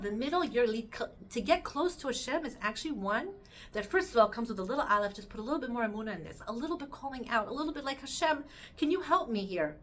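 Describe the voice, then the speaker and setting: Bright-voiced woman teaching Torah. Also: a little high, slight background noise. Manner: earnest and animated, weaving in Hebrew terms; speaks directly to listeners with questions. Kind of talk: weekly Torah portion talk.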